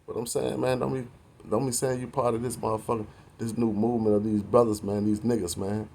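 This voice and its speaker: A man in his forties delivers a preachy, confrontational rant to the camera, packed with street slang and cursing. His voice is lowish, level and a little mellow, a bit fast with vocal fry, and there's slight background noise.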